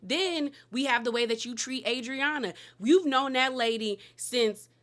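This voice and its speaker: A woman's voice: high-pitched, unhurried, a bit bright. A woman hosting a casual reality TV recap, talking straight to viewers in a sassy, candid manner.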